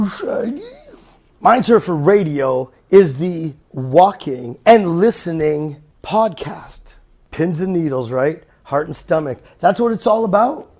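A man's voice: a little high, a little mellow. A man hosting a casual monologue podcast, blunt and profane, often slipping into mock voices. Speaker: podcast host.

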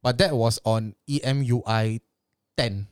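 A man's voice: medium pitch, unhurried, smooth, no room sound, studio quality. A man with a Singaporean English accent, co-hosting a podcast in joking, teasing banter with local slang. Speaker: podcast co-host.

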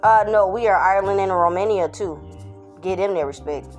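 A woman's voice: medium pitch, a little fast, a little mellow, soft background music. A woman hosting her own podcast from home, chatting casually with hype, slang and sing-song chants. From Texas. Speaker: podcast host. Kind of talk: casual morning chat.

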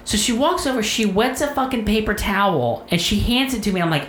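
A man's voice: high-pitched, lively intonation, quick pace, few pauses, a bit bright. A man telling a story in casual chat, rambling and profane, with lots of fillers and restarts. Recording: echoey room with faint noise.

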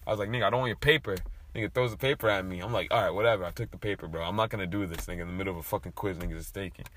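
A young man chatting casually, telling a profane, animated story with big bursts of laughter. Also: sits low, very fast, slight background noise. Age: young adult.

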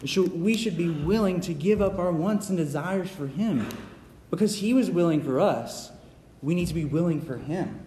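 Earnest young preacher in an echoey hall. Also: male voice, on the high side, animated, normal speed, mellow, a little hiss or hum. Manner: earnest, repetitive, stumbles and restarts. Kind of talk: sermon. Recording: echoey hall, faint ambience.

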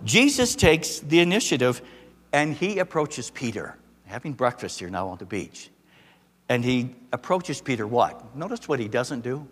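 Guy preaching a sermon, gets loud and lively at the big points, echo trailing off in a large hall. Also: mid-range voice. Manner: animated, rising emphatic peaks with many restarts. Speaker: pastor. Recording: long reverb of a large hall.

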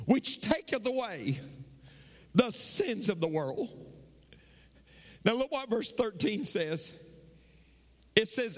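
A man's voice: high voice, fairly bright tone, in a large hall. A man preaching a sermon, acting out scripture dialogue with rising fervor. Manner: dramatic, acts out scripture dialogue, rising to fervent climax.

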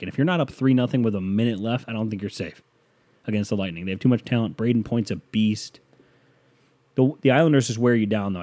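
A man's voice: lowish voice, dark tone. A man hosting a podcast, chatting casually about hockey in a rambling, joking way with some swearing, his voice a bit sore. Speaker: podcast host. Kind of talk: casual sports chat.

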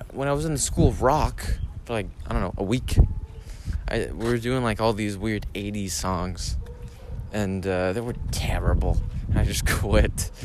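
A young man in a rambling casual monologue, ranting with swearing and lots of fillers. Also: medium pitch. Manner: meandering, profane ranting with many fillers. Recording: faint background noise.

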